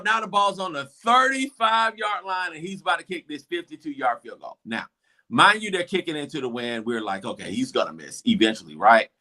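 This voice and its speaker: A man, hosting a show and excitedly retelling a football game, acting out the crowd's reactions. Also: high voice. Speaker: show host. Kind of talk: animated game recap.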